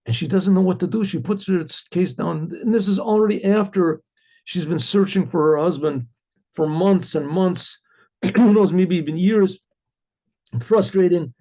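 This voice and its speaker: A man telling a story as a rabbi, animated and acting out the figures' voices, often clearing his throat. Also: high voice, a little slow. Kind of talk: storytelling narration. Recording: dull lo-fi recording.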